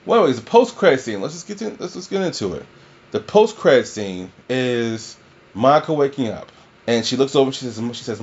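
A man's voice: medium pitch, expressive, a little fast, muffled recording. A man casually reviewing a film, rambling and swearing, full of fillers and restarts. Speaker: movie reviewer.

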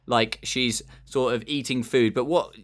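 Host, male, improvised comedy, playful and deadpan, chuckles through lines. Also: medium pitch, unhurried.

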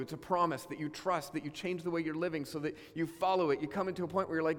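A man preaching a sermon as pastor, animated and acting out the voices of God and his listeners. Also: a little high, moderate pace. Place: church sanctuary. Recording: long reverb of a hall.

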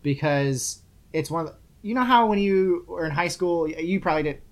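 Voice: mid-range voice, a little fast. A young adult podcast co-host talking casually and sarcastically while reviewing a book, rambling and swearing freely. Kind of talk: casual chat.

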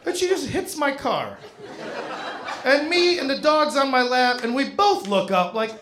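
A man telling a stand-up story, animated, now and then shouting out acted bits of dialogue. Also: extremely high pitch, moderate pace, background noise. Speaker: stand-up comedian. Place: comedy stage with a live audience. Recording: roomy live room with crowd laughter.

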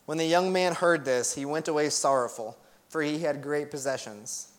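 A man's voice: on the high side, moderate pace. A young adult man preaching a sermon as pastor, earnest and emphatic, with conversational asides.

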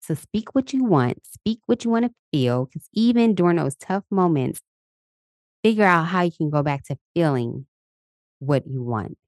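A woman's voice: low voice, expressive, moderate pace, darkish tone, no echo, studio quality. A woman in her thirties hosting a casual motivational podcast, chatty and upbeat, laughing often and leading affirmations. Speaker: podcast host. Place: Los Angeles.

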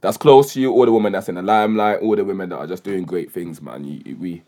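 A man's voice: fast talker, mellow. A young man, co-hosting a casual podcast chat, teasing and laughing often. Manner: laughs often, teasing, mumbled low asides. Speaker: podcast co-host. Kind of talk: casual banter.

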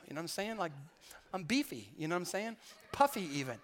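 High-voiced man preaching a sermon. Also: big pitch swings, quick pace, big-room sound. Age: adult. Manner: conversational preaching with stammered restarts, building to loud emphatic climaxes. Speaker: pastor.

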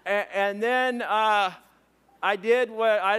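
Animated high-voiced male preacher. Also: slow, clean tone. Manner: animated storyteller, raises voice for quoted exclamations. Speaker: pastor. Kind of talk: sermon storytelling.

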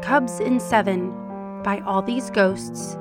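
A woman reading fan fiction aloud for a podcast, telling the story in an even, measured way. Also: medium pitch, over loud music. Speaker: podcast reader.

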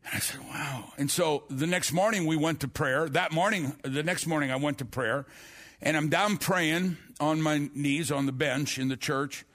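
A man's voice: a little high, moderate pace, fairly bright tone. A man preaching a sermon, telling his testimony earnestly with frequent restarts and repeated words.

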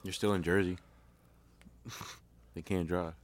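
A man co-hosting a casual chat, laid-back and joking in quick banter. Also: low voice, little pitch movement, crowd noise.

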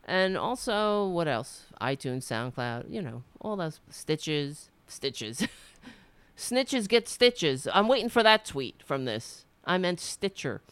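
A woman with a thick New York accent hosts a talk radio show, blunt and indignant, cursing freely and starting her sentences over. Her voice sits low but swings widely in pitch. The sound is smooth and dry, close on the mic. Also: sing-song, slow, no room sound. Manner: blunt and indignant, swears freely, restarts often. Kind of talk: casual political talk radio monologue.

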